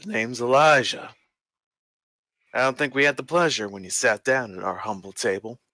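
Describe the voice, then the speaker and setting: A man playing a polite, smooth stranger who introduces himself at a tavern table in a tabletop game. The voice is bright and dry, close to the mic. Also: mid-range voice, moderate pace, no echo, close to an everyday voice. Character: smooth adult male stranger, Elijah.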